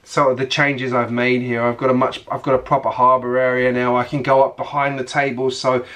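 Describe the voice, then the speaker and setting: A man's voice: medium pitch, little pitch movement, a little fast, fairly bright tone. A man chatting casually on his hobby vlog, rambling along with lots of fillers and restarts. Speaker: Lego hobby vlogger.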